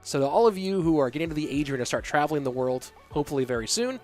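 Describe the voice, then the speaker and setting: Alone in his home office, a young esports caster covers a tournament and chats loosely with viewers between games. His fairly high voice races along with lively intonation, rambling and addressing the audience directly, over soft background music.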